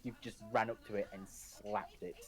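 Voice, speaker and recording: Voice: medium pitch, fairly even intonation, normal speed, crowd noise. A game master running a tabletop game, wry and teasing with the players.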